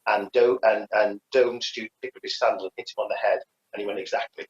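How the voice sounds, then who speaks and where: A man who teaches karate co-hosts a casual podcast chat, rambling with many restarts and fillers. His lowish voice is level and quick, and the recording is echoey with dull lo-fi sound.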